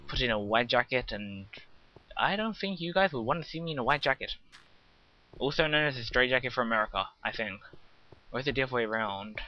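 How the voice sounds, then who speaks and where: A British man giving casual, rambling commentary on his game, chatting to viewers and joking at his own expense. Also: medium pitch. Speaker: let's play gamer. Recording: slightly muffled with faint hiss.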